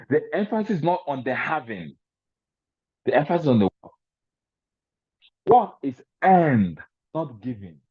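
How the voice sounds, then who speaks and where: A man addresses a packed venue with a motivational seminar talk. He hammers home each point with repetition and a preacher's rising cadence. His voice sits at an ordinary middle pitch, and it comes through thin and narrow, as if over a phone line. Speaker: motivational speaker. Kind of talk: seminar talk to a large audience. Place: large event venue. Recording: tinny, phone-like sound.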